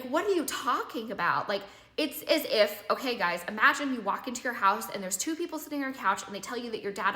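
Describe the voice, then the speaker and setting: A young woman telling a personal story casually, animated and full of "like", acting out quoted dialogue. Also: mid-range voice. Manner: animated, filler-heavy "like" retelling with quoted dialogue. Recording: echoey room.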